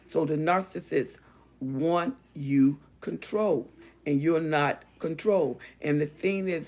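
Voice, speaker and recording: A woman hosting an advice talk, speaking in an emphatic, repetitive, sermon-like cadence and reading out viewer comments. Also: deep voice. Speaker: relationship advice host.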